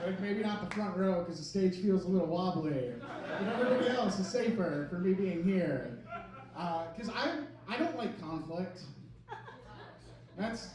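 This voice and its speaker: A man in his thirties doing a self-deprecating, rambling stand-up set in a club, with laughter from the audience. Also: high-pitched. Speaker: stand-up comedian. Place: comedy club stage. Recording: echoey club, mic from a distance, crowd.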